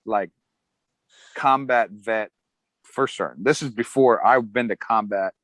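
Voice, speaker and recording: A man's voice: lowish voice, a little slow, no echo, low-quality recording. A middle-aged man, an Army veteran, telling his story casually in an interview, acting out other people's lines with a chuckle. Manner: relaxed, chuckling, acts out quotes of others.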